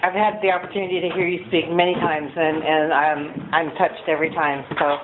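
A woman with a lowish voice thanks the speaker, stumbling over her words a little. She sounds far from the mic over a tinny line, with loud noise underneath. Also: level tone. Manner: brief thanks, halting. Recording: distant, tinny, noisy.

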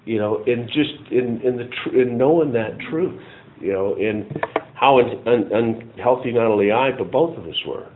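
A middle-aged man telling his recovery story in a rambling, halting way, full of restarts. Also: mid-range voice, slight background noise. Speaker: recovery meeting speaker. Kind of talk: personal testimony. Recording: tinny phone-like audio.

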